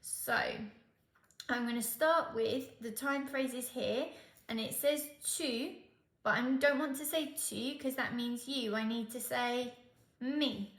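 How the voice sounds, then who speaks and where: She takes it slowly, her voice on the high side with a fairly bright tone, as she teaches Spanish for an exam. The recording sounds roomy, and her patient, step-by-step explanations are punctuated by "okay?"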